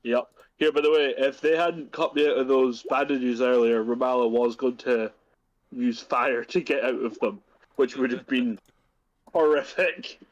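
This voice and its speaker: A man playing in a tabletop game, quick, enthusiastic and sweary, over dull lo-fi call audio. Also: mid-range voice, fairly even intonation. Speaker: player.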